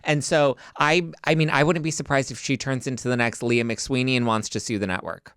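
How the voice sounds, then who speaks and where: Guy on a podcast ranting about reality tv, blunt, clear smooth voice, no room echo. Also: mid-range voice, fairly even intonation, brisk, fairly bright tone, clean studio sound. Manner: opinionated, blunt. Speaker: pop culture commentator. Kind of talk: casual pop culture chat.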